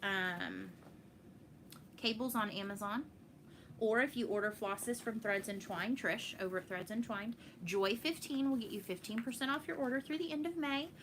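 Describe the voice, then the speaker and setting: Texan woman host, bright, slightly high, chatty and laughing with viewers, faint room noise. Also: normal speed. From Texas. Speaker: flosstube host. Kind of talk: casual live chat.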